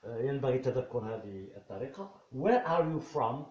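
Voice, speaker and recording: A man's voice: mid-range voice, animated, very fast. A man teaching an English lesson, repeating phrases patiently and switching to Arabic to translate. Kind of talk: bilingual classroom lesson. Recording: roomy, slightly dull recording.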